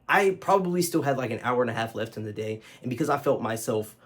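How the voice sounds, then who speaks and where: Man, casual storytelling vlog, mid-pitched voice, conversational, lots of uhs, swears freely. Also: fast, hardly any pauses. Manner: loose and conversational, many fillers, swears freely. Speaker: vlogger.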